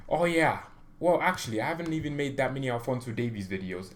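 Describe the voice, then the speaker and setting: Excitable, rambling fan-channel host man. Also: mid-range voice, fairly quick. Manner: excitable, rambling, self-mocking. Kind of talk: casual chat to camera.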